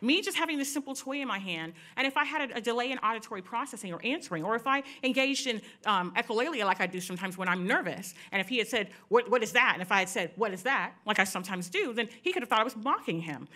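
A woman's voice: fairly high pitch, animated, quick pace, hardly any pauses, bright, forceful tone. A middle-aged woman speaking candidly to an audience at a panel event, telling personal stories with many asides.

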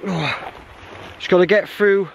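A man's voice: high voice, a little slow, vocal fry, dull audio, a little hiss or hum. A man narrating his hike to a handheld camera outdoors on a mountain trail, chatty and self-mocking, laughing often. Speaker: hiking vlogger. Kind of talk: casual vlog narration while hiking.

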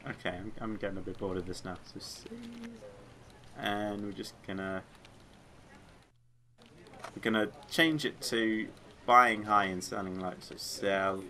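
A man's voice: on the low side, unhurried, pauses often, pushed and bright, a little hiss or hum. A man doing casual let's play commentary, chatty and rambling, drifting off into tangents and singing along to music. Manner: rambling, chatty, easily sidetracked. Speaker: gaming video creator.

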